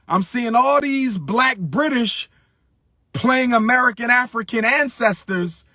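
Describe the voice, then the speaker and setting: A man's voice: sits high, sharp tone, no echo, clean studio sound. A middle-aged man giving impassioned commentary, emphatic, repeating his phrases for stress.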